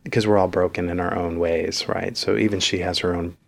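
A man giving earnest, measured advice on a podcast, with frequent pauses and fillers. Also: deep voice, flat delivery, gravelly. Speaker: counselor guest. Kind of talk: advice in casual conversation.

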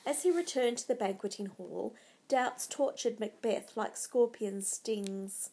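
A woman narrating a storybook in a dramatic, measured way. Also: on the high side, creaky, mellow.

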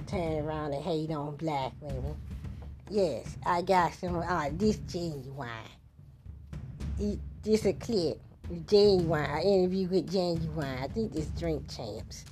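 A woman hosting a podcast in loose, slangy casual chat, swearing freely, with music playing behind her. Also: sits low. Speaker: podcast host.

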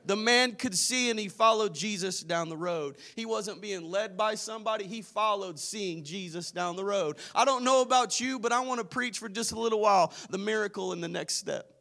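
High, bright-voiced preaching pastor. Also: male voice, normal speed, gravelly. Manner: impassioned preaching that builds to shouting, with call-and-response to the congregation. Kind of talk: sermon.

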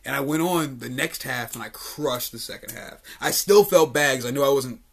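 A young podcast host and comedian from Richmond, Virginia, tells stories in a studio, his gravelly, medium-pitched voice moving at normal speed. The chat is casual and laid-back, with swearing and plenty of "like" and "uh."

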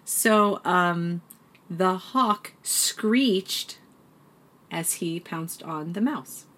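A woman's voice: lowish voice, extremely slow, pushed and bright. A woman co-hosting a podcast in casual chat, laughing often as she tells a story and quizzes her co-host on trivia. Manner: giggly, laughs often while telling stories.

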